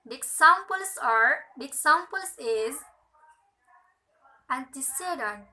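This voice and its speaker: A young woman, a student with Indonesian as her first language, slowly reading out a lesson on word stress, dotted with "okay" and "uh". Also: high-pitched, sharp tone, a little hiss or hum, poor audio. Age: young adult. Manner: slow, careful, filler "okay" and "uh". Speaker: student presenter.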